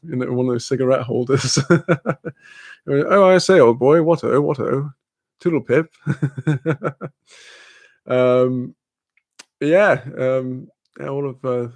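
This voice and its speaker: A young man chatting casually on a live stream, laughing often and filling pauses with ums. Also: mid-range voice, a little mellow, no echo, studio quality.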